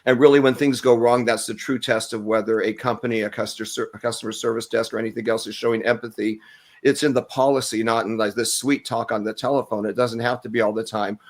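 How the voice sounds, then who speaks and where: A man speaking as an expert on a panel discussion, measured and explanatory, pausing often on "um". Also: mid-range voice, fairly even intonation. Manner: measured, explanatory, with frequent "um" pauses.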